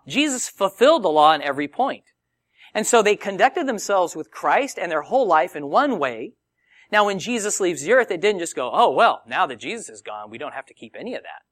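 A male preacher whose lively voice swoops widely in pitch, set fairly high for a man. He teaches in a conversational, animated way and speaks close to a dry microphone with no room sound. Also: no room sound. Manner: animated, conversational Bible teaching with acted quotes. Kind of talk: sermon.

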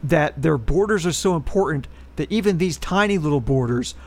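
A man with a fairly high, lively voice speaks at a moderate pace as he co-hosts a podcast. In a casual, chatty way he reads out a history segment, following the historical facts with wry political asides.

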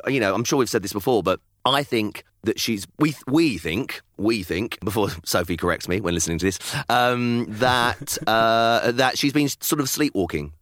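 British dad co-host, 30s, animated storyteller, dry sound. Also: male voice, lowish voice, moderate pace, hardly any pauses, no room sound. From United Kingdom. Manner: chatty, acts out quotes of his kids, laughs often. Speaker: podcast co-host. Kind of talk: casual chat.

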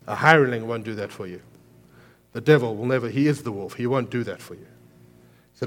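A man's voice: medium pitch, brisk, pauses often, soft background music. Earnest preaching man. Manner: preaching with emphatic raised passages and quieter earnest stretches. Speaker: pastor. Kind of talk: sermon.

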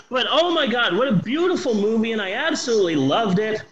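A man in his forties talks through a movie review in a high, swooping voice, full of swearing and excitement. The recording carries a roomy echo. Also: a little fast, dull audio. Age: 40s. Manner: animated, swears a lot, enthusiastic. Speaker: podcast co-host reviewing movies. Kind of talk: casual profane movie review chat.

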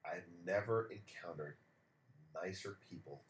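A low-voiced, unhurried man co-hosts a podcast, animatedly telling stories in casual chat and swearing freely. The room is echoey, with faint background noise.

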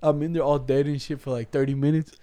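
Young man, mellow tone, dry close sound, slangy profane storyteller in a casual chat. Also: fairly high pitch, level tone, fast talker, no echo. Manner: slangy, profane, laughing while telling a story.

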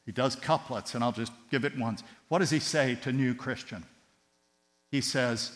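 A man preaching a sermon with passion, his voice surging loud on key words and then dropping to a hush. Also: mid-range voice, moderate pace. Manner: impassioned, swinging between loud emphatic rises and hushed tender drops. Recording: long hall reverb with mains hum.

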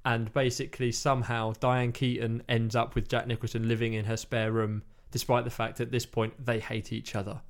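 Casual male co-host, rambling storyteller, mid-pitched, acts out quoted lines. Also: flat delivery, normal speed, few pauses. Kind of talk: casual chat.

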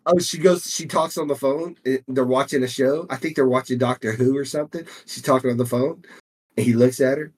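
Husky-voiced man on a laid-back podcast. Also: mid-range voice, fairly even intonation, a little mellow. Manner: laid-back, chiming in with quick agreement and pop-culture asides. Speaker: podcast co-host. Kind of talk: casual chat.

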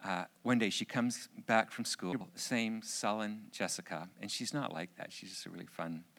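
A middle-aged man telling a personal story in a sermon, an animated storyteller with jokey asides. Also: fairly low pitch, moderate pace, creaky. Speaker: speaker.

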